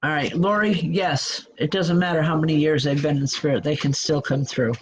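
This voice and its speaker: A woman working as a spiritual medium, giving a live online reading. She talks in a halting, stop-start way, restarting her sentences as she passes on messages gently and reassuringly. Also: low voice, steady tone, husky, poor audio.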